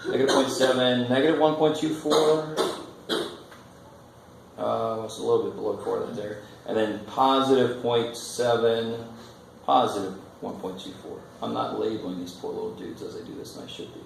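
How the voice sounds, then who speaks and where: A man's voice: mid-range voice, steady tone, normal speed, gravelly. A man teaching a college math lecture, casual and joking as he thinks aloud at the board. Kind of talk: classroom lecture. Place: classroom. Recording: echoey classroom with faint noise.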